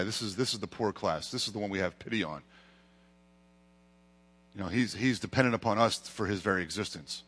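A man's voice: medium pitch, a bit bright. Preaching man in an echoing hall. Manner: preaching with emphatic rises and dramatic retellings. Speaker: pastor. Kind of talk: sermon. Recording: long hall reverb.

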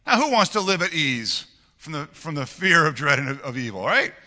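A pastor with a slight lilt preaches to his congregation, his brightly ringing voice swinging widely in pitch. He keeps it animated and chatty, chuckling and doubling back on words. The sound carries a long church-hall echo. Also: moderate pace. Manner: animated, conversational preaching with frequent laughter and repeated words. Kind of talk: sermon. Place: church sanctuary.

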